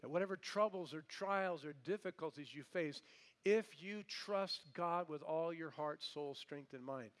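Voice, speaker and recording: A middle-aged man preaching a sermon, moving between hushed, conversational asides and emphatic, loud declarations. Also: fairly high pitch, moderate pace. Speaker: pastor.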